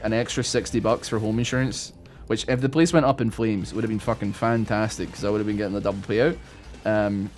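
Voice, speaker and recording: A man rambling through an animated, swear-filled story while commentating on a video game he is playing. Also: fairly low pitch. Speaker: gaming YouTuber. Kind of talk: casual gameplay commentary.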